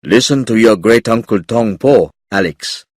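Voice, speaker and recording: A man's voice: lowish voice, measured pace, darkish tone, no echo, studio quality. A man voicing a friendly, encouraging middle-aged father in a storybook.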